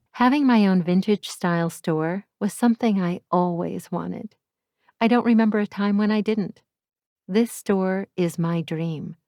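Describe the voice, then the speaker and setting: A woman's voice: on the low side, warm tone, no echo, studio quality. A woman narrating a romance audiobook in the first person, candid and wryly self-deprecating.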